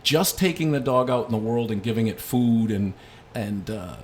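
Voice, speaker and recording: A middle-aged man talks through a dog-training lesson in a relaxed, conversational way. He mixes explanation with lively personal stories at an even middle pitch, over a faint hiss of background noise. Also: normal speed. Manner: storytelling with lively anecdotes. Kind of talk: casual instructional talk.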